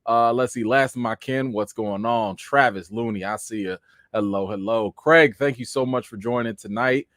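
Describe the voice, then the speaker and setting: A man hosting a casual live stream, giving quick shout-outs to viewers and rising into high, exasperated rants. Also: no echo, clean studio sound. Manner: rises into high, exasperated ranting.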